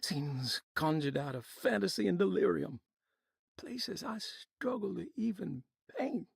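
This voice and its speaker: Brief: haunted game diarist, husky, raised pitch, mournful old-fashioned phrasing. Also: male voice, lively intonation, unhurried, no echo, studio quality, exaggerated voice. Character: haunted, tormented man reciting a poetic diary. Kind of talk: video game voice acting.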